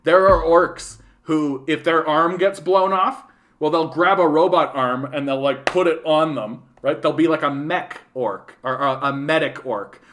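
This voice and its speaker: A man's voice: fairly high pitch, a little slow, a bit bright. A man with a Canadian accent hosting a casual livestream, rambling and swearing, and often tagging his sentences with "right?". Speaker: livestream host.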